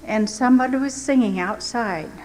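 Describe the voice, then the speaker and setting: A woman's voice: a little high, normal speed, darkish tone. An older woman telling her wartime testimony as a missionary, in earnest, dramatic storytelling. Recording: echoey hall with faint noise.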